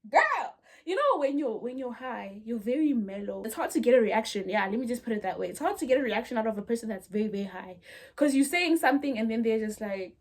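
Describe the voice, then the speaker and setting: A young woman recounts a dramatic story in a casual storytime vlog. She chats straight to her viewers and keeps the telling dramatic, her voice sitting a little high. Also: big pitch swings, fast talker. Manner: chatty, dramatic, addresses viewers. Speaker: vlogger.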